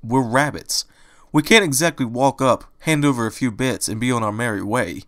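In a fan storybook reading, a man voices a streetwise male rabbit who is grumbling and impatient. His lines are pushy and sarcastic, louder and punchier than the surrounding narration. His natural, mid-range voice moves at normal speed, with clean studio sound and no echo.

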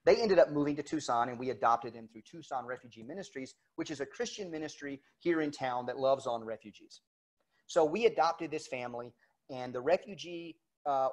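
A middle-aged male pastor telling a story in a casual, conversational sermon, acting out back-and-forth dialogue as he goes. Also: medium pitch. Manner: conversational, retells dialogue with quotes. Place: church sanctuary, recorded for online service.

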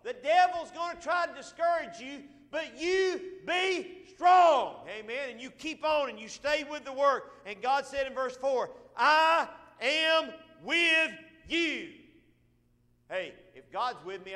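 A pastor with a Southern US accent delivers a sermon in a high-pitched man's voice. He rises to shouted emphasis and drops to quiet asides. The sound carries a long reverb from the church sanctuary. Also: animated, normal speed, few pauses.

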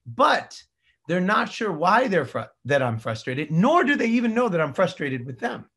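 A middle-aged male dentist giving a casual, animated lecture, swinging between loud bursts and quiet asides. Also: high voice, unhurried, slightly rough. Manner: casual slang and mild swearing. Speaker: dentist teaching a practice management course. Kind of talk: recorded continuing-education lecture.

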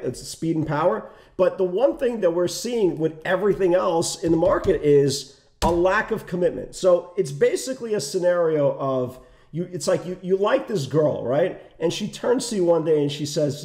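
Male trading coach, chatty and animated, slightly high mellow voice, echoey room. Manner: animated, conversational, many asides and "right?". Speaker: trading educator. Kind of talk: casual market commentary.

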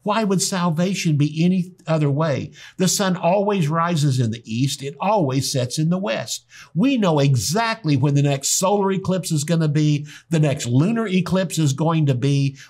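A pastor preaching a sermon, telling stories and acting out the people in them. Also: male voice, on the high side, expressive, moderate pace, darkish tone. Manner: storytelling preacher, acts out quoted people. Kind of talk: sermon teaching.

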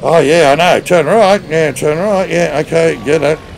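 A man's voice: on the high side, a little slow, gravelly, a little hiss or hum. A middle-aged man chatting casually on a live stream while playing a game, cheerfully greeting viewers by name.

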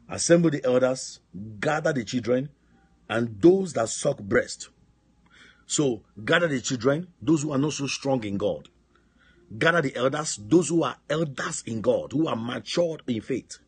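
A man preaching with fervor, his voice deeply husky and raspy. He leans on phrases and throws questions back to his listeners, the way a pastor drives home a point. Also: expressive, unhurried. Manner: emphatic preaching with call-and-response questions. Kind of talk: sermon on a prayer line. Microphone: phone line.

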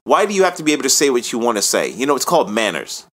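Forceful, emphatic male podcast co-host. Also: medium pitch, racing, few pauses. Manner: emphatic and animated, swears freely. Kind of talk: casual political chat.

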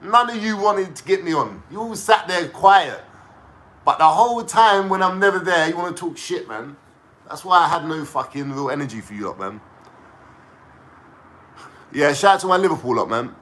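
A young man with a London accent rants straight to his viewers, mocking and dropping slang and swear words as he goes. His voice sits a little high and comes out bright, forceful and sharp. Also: animated, normal speed, pauses often. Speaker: vlogger. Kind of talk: casual ranting to camera.

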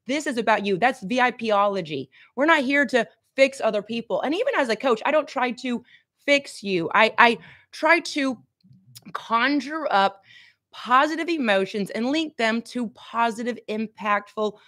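A woman's voice: a little high, expressive, normal speed, a bit bright. A middle-aged woman giving a motivational coaching talk on a livestream, emphatic and repeating key lines for effect. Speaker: fitness and life coach.

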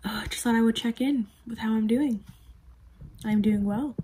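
A woman chatting casually to her camera in a vlog, goofy and quick to poke fun at herself. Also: a little high, dark tone, a little hiss or hum, rough recording. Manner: chatty, goofy, self-mocking. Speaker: vlogger.

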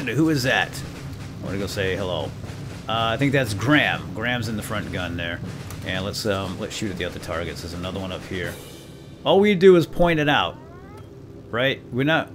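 A man hosting a let's play, chatting casually and self-deprecatingly to viewers and now and then barking playful orders at his game crew. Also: on the low side. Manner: breaks into loud mock-commanding calls at the game crew. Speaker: gaming channel host.

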